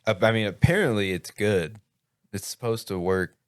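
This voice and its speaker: Guest: young guy, very deep voice, dry close sound, laid-back and offhand. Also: normal speed, smooth, dry recording. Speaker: podcast guest. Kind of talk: casual chat.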